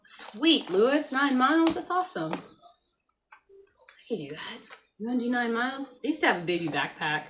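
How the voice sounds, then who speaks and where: A woman's voice: fairly high pitch, big pitch swings, normal speed, pauses often, a bit bright, slight background noise, poor audio. A woman hosting a casual morning livestream at home, chatting to viewers, reading the chat aloud and talking to her child beside her. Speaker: livestream host. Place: at home by a computer.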